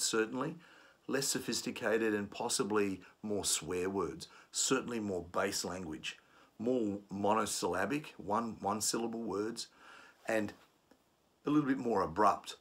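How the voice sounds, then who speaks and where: A man with a lowish voice and a fairly bright tone gives an instructional conflict management lesson. He explains the steps and acts out angry commuters.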